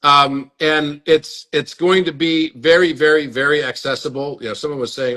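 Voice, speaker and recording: Live stream host, male, earnest, repeats himself, voice a touch high. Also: steady tone, normal speed, bright, forceful tone. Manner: earnest, inviting, repeats words. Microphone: phone or webcam on a live stream.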